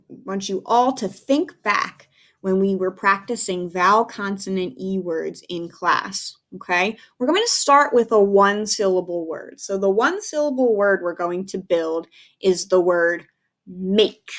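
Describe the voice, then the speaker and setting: A woman's voice: medium pitch, a bit bright. A young woman teacher giving a patient, sing-song phonics lesson to young children, calling out sounds for them to repeat.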